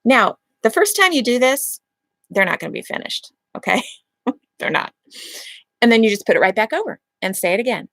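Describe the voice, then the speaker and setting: A woman's voice: medium pitch, fairly quick, dry recording. A woman hosting a parenting advice channel, explaining a method step by step and often checking in with "okay?". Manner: acts out calm lines to a child in a gentle voice. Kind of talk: instructional talk to camera.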